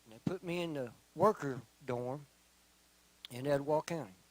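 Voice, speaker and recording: A middle-aged man giving a personal testimony in church, telling his story slowly and earnestly, often dropping to a quiet voice. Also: fairly high pitch, low-quality recording. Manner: slow, earnest storytelling with quiet, soft-spoken stretches. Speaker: testimony speaker.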